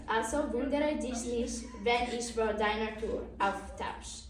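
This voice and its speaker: A teenage girl reading a playful farewell tribute speech, quick and switching into German. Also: a little high. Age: late teens. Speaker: student athlete giving a tribute. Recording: echoey hall, distant mic.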